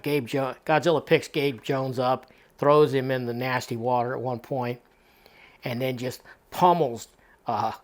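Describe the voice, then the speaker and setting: A middle-aged man, host of his own channel, recapping a comic book in a relaxed, chatty way with fillers and chuckles. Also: medium pitch. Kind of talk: casual comic review chat.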